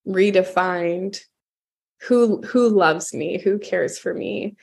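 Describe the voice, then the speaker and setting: Woman guest, gravelly voice, earnest and halting, lots of ums as she tells her stories. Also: on the low side, a little mellow. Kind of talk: reflective storytelling.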